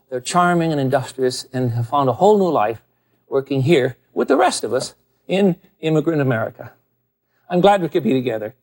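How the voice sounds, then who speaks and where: Lively high-voiced male cooking host. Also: slightly rough. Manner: animated, enthusiastic, folksy. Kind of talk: TV cooking demonstration.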